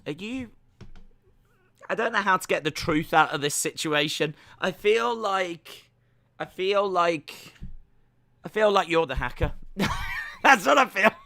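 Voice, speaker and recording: A man's voice: a little high, sharp tone. A British man co-hosting a podcast, chatting casually and teasing his co-host with disbelief. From Britain. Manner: incredulous, teasing, quick to laugh.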